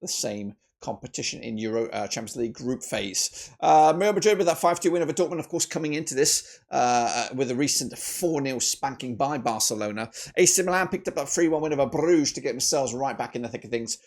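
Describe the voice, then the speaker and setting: A man hosting a football predictions video in a chatty, animated way, often correcting himself. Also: a little fast, creaky, hardly any pauses. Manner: animated, with frequent jumps in pitch and loudness; chatty, with filler "uh"s and self-corrections. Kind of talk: casual match-prediction commentary.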